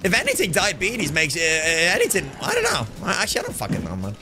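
Lively Irish man streaming a game. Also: high voice, quick pace, music in the background. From Ireland. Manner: loud, joking, swears freely, shouts at the game. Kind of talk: live gaming stream, reading chat.

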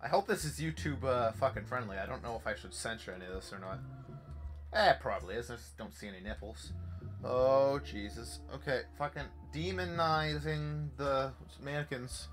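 A young man commentating a horror game playthrough, swearing a lot and swinging from hushed muttering to panicked yelps. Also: medium pitch, lively intonation, fairly quick, soft background music. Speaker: gaming YouTuber.

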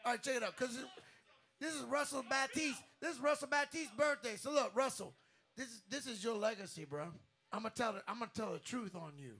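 Earnest drummer with a high, bright voice, halting through a tribute on a bar stage mic. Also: male voice, breathy edge. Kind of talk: onstage tribute speech. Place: live music bar stage. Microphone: handheld stage mic.

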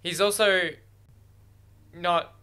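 Male reaction host, excitable, curses a lot, high-ish voice, talks to the screen. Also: drawn-out words, smooth. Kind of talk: casual first-watch reaction commentary.

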